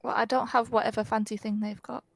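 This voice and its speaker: A woman's voice: on the high side, flat delivery, fast talker, creaky, slight background noise. A woman playing a tabletop game online, matter-of-fact and a little flustered. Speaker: player. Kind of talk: casual game chat.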